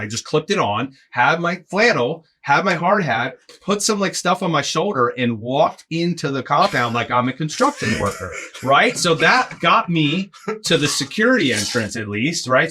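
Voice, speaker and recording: An arena in-game host, appearing as a podcast guest, tells a casual anecdote in a bright, mid-range voice. He's animated, acts out quoted voices, and leans heavily on "like" and "right?".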